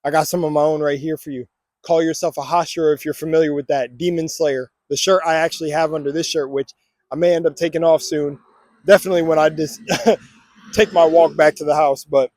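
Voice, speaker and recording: A young man, pitched a little high, talks energetically into his phone about affirmations and belief. His voice has a mellow, dark warmth, and the sound is close and dry. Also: fairly quick, no room sound. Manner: energetic, preachy, chanting affirmations. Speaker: vlogger. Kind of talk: casual motivational vlog with affirmations. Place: outdoors on a walk. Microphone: phone camera.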